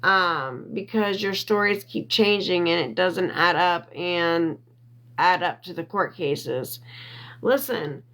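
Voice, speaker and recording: A woman livestreaming from her phone, reading viewer comments, getting worked up and loud, repeating herself and defending her character. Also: on the low side, slow pace. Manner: reads and answers viewer comments. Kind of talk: emotional livestream chat.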